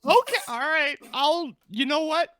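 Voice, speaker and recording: A woman's voice: high-pitched, a little slow, dry recording. A woman playing a tabletop game, talking playfully and chatting about her character. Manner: playful, giggly, lively. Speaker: player. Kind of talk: tabletop role-play chat.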